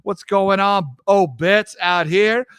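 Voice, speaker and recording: A young man hosting a livestream talk show from his home mic, energetic and hypey, greeting viewers by name and riffing casually. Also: high-pitched, takes it slowly, clean tone, no room sound. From New York. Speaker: host.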